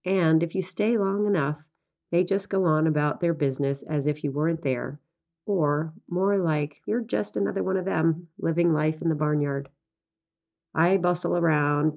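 A woman farmer narrating a personal essay in an unhurried, reflective reading. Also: low-pitched, a little mellow.

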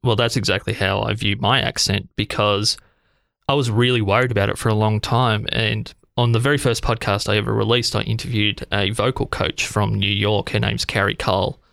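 Australian male podcast host, gravelly low voice, eager interviewer. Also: flat delivery, brisk, a bit bright, no room sound, studio quality. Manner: enthusiastic, complimentary, chatty. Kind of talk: interview conversation.

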